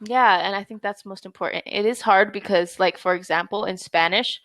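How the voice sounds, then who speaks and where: A woman English tutor giving a patient, friendly online lesson over a video call, modeling sounds slowly. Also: medium pitch, fairly bright tone, no room sound.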